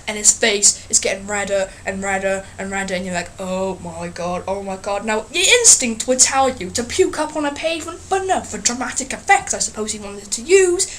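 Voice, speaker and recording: A woman's voice: a little high, lively intonation, brisk, few pauses, fairly bright tone, slight background noise. A woman ranting in a casual vlog, telling rambling, sarcastic, sweary stories. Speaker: vlogger.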